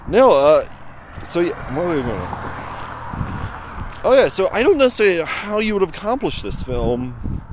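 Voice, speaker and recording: A man's voice: mid-range voice, background noise. A man giving a casual, rambling spoken review outdoors beside a road, full of fillers and restarts. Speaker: film reviewer. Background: passing vehicles.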